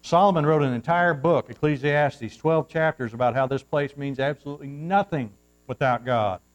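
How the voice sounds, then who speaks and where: A pastor at a church pulpit preaches at a moderate pace in a mid-range voice, with poor audio. He ranges from whispered-like asides to loud, fervent peaks and reads scripture in formal old-fashioned diction.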